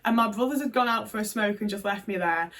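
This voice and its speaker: A woman's voice: medium pitch, fast, fairly bright tone, recorded from a distance. A woman candidly telling a personal story in a vlog, swearing often and leaning on fillers as she talks. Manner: frank, emotional storytelling with many fillers and swearing. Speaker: vlogger.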